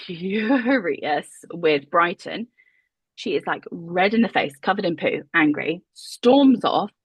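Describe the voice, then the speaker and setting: A woman's voice: medium pitch, slightly rough, no echo. A woman tells a podcast host her story casually, laughing often, swearing and acting out other people's lines. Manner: lively, laughing, swearing, acts out voices. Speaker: podcast guest, mother.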